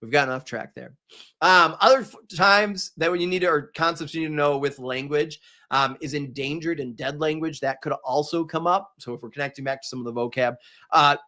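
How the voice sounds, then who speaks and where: A man from Minnesota with a Minnesotan accent, a teacher giving a chatty, energetic live exam review to viewers. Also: on the high side, brisk. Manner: casual, chatty, energetic, talks straight to the viewers.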